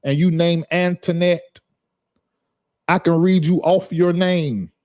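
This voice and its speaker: A man's voice: on the high side, fairly even intonation, takes it slowly, a little mellow. A man, talking casually on a livestream. He reads viewer comments aloud and scolds a commenter with sass and a drawling rhythm. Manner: sassy, scolding, reading chat aloud. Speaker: livestream host.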